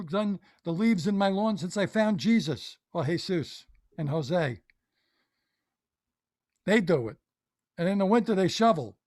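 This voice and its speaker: A man's voice: sits high, darkish tone, no echo, clean studio sound. A male comedian hosting a solo comedy episode, joking in a scattered, stumbling way. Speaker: comedian host.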